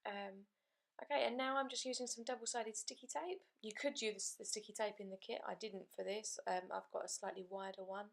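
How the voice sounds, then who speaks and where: A woman narrates a card-making tutorial over her footage, chatty and explaining each step as she works. Her voice sits in a middle range with a lot of vocal fry in it. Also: medium pitch, fairly even intonation, fairly quick. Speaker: card-making channel host.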